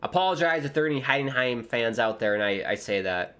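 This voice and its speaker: A young American man, a streamer commentating live on a football match with viewers, bursting into loud exclamations at big moments. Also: mid-range voice, animated, fast. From United States. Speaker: watchalong streamer.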